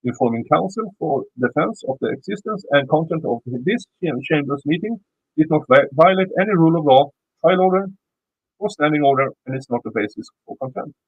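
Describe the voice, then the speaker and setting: A man's voice: fairly high pitch, expressive, brisk, breathy edge, dry recording, narrow, tinny audio. Swedish-accented man reading legal text. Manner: stumbling, repeats words while reading. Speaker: YouTube commentator. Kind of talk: reading a legal motion aloud with commentary.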